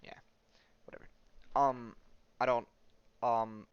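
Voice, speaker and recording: Rambling man with a smooth voice. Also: mid-range voice, normal speed, pauses often, fairly bright tone, no echo, muffled recording. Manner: rambling, full of "um" and slangy asides. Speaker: podcast host and streamer. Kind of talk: casual commentary while playing a video game.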